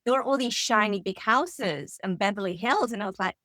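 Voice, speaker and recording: Animated English woman telling stories. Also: medium pitch, a little fast, no room sound. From England. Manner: animated anecdotal storytelling. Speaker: guest author. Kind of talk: conversational interview.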